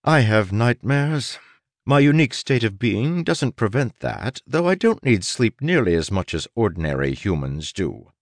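A man narrating an audiobook in a wry manner, with dramatic pauses and stretched emphasis. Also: on the low side, very animated, no room sound. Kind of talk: scripted narration.

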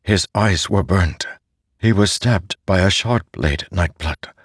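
A man reading an audiobook and voicing a weary, grieving male warrior in a quiet, solemn way. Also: deep voice, slow pace, husky, no echo, studio quality, heavily acted.

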